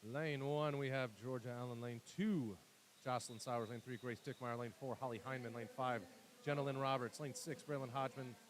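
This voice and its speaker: A man's voice: mid-range voice, steady tone. Chatty male swim co-commentator. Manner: chatty asides and quick race calls. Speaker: color commentator. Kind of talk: livestream sports commentary.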